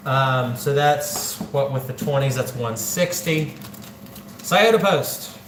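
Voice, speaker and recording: Unhurried and fairly even in intonation, a medium-pitched man from central Ohio chats casually on his livestream while counting money aloud. A little hiss or hum sits under the echoey room's faint ambience.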